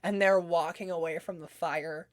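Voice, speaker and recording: A podcast host with a lowish voice tells a story in casual chat at normal speed, swearing often and leaning on sarcasm. She's an animated storyteller, and the recording is dry.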